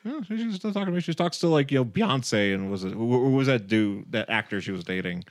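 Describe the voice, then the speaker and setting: A man's voice: mid-range voice, expressive, fast, dry recording. Man, podcast co-host, casual movie chat, rambling, bouncy intonation, dry recording. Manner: rambling, restarts sentences, laughs often.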